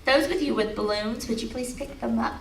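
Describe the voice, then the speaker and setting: A middle-aged woman whose voice sits on the high side speaks a little fast, giving a motivational talk at an expo. She laughs through a personal story and then leads the crowd in affirmations. Background noise is audible, and the large, echoey hall is recorded from afar.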